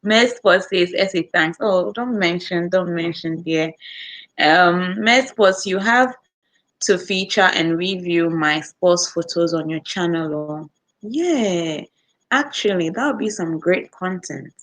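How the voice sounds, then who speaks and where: A woman with a Ghanaian accent chatting casually as she answers viewer comments, telling animated stories about customers and acting out their voices. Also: lowish voice. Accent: Ghanaian English. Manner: animated storytelling, acts out customers with quick voice switches and laughter. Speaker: customer service worker, vlogger.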